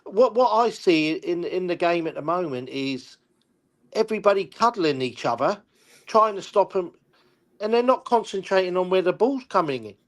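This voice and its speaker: An older man talks football on a livestream. His voice sits a touch high, and he stops and repeats words as he works through his frustration. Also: expressive, moderate pace. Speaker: guest pundit, former player. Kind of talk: casual football discussion.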